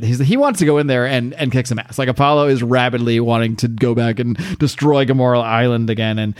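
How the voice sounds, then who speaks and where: A man's voice: medium pitch, fairly quick, no echo, clean studio sound. Rambling male podcast host. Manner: rambling, filler-heavy, animated asides. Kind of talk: casual comic book recap.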